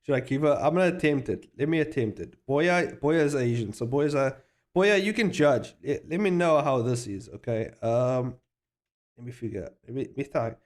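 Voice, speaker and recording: A man's voice: medium pitch, expressive, normal speed. A man chatting casually to his livestream viewers, rambling, laughing often and swearing freely. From South Africa. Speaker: streamer.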